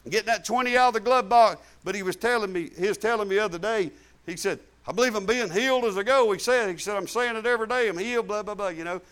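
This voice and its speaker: A man's voice: sits high, fast talker, fairly bright tone, smooth. A middle-aged man preaching a sermon in a folksy, emphatic way, repeating phrases for stress.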